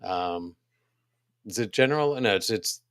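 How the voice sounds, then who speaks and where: A man co-hosting a podcast, casually reading out upcoming events, halting with many ums and restarts. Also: on the low side, lively intonation, fairly bright tone, clean tone, dry recording, studio quality. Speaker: podcast co-host.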